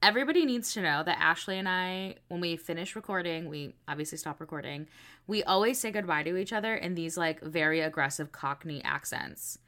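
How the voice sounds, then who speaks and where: A young woman co-hosting a podcast, giving blunt, animated opinions in casual chat. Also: lowish voice, brisk. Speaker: podcast co-host.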